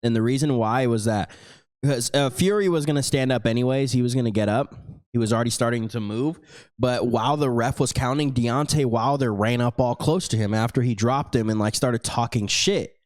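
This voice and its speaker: A man's voice: medium pitch, brisk, darkish tone, dry recording. Swearing, rambling podcast co-host man. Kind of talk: casual chat.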